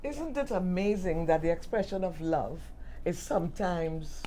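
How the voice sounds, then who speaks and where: A woman's voice: fairly low pitch, a little slow, mellow, slight background noise, poor audio. A middle-aged woman co-hosting a podcast, chatting casually and telling stories with emphatic repeats. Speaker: podcast co-host. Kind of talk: casual chat.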